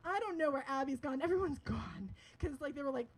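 A woman's voice: sits high, animated, a little fast, poor audio. A young woman telling a personal story to an audience, chatty and laughing often, with lots of filler words.

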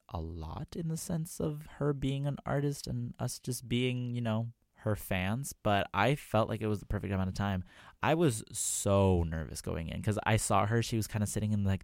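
A man's voice: on the low side, no room sound. A young man hosting a radio music show, telling a story in a casual, chatty way with lots of "like" and "um", from a studio mic. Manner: chatty, full of "like" and "um", excitable.

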